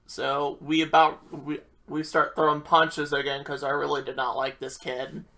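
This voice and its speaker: A man's voice: a little high, vocal fry, bright, forceful tone. A young man telling a rambling, profane storytime about his school days and acting out what people said. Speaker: vlogger.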